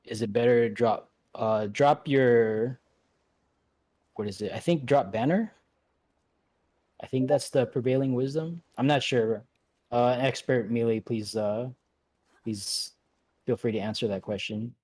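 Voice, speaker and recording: A man leading an online game raid, giving relaxed instructions with many fillers and restarts. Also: medium pitch, measured pace, pauses often. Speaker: raid leader. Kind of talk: casual instructions over voice chat.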